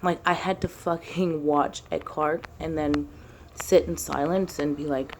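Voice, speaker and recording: A woman with a low, gravelly voice rambles casually to camera about her spiritual path. Her talk is loose and unpolished, peppered with fillers and easy swearing, as she thinks out loud. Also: steady tone, measured pace, slight background noise. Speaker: spiritual vlogger.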